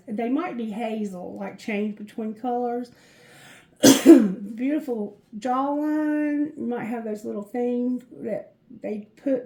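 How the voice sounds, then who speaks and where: A woman with a fairly high voice gives a chatty tarot card reading to her viewers. She is effusive and giggles often between her messages. Her voice rings out in an echoey room. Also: mellow. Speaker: tarot reader.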